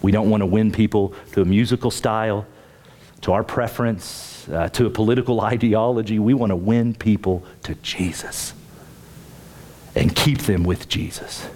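A man's voice: normal speed, a little mellow. Emphatic man preaching a sermon. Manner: emphatic, rising pitch on key points, repeats words when starting phrases. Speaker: pastor.

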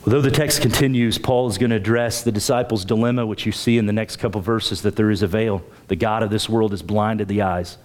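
A pastor preaching a sermon, emphatic, with his pitch climbing on key points and repeating words as he starts phrases. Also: steady tone, brisk, hardly any pauses, darkish tone, slight background noise.

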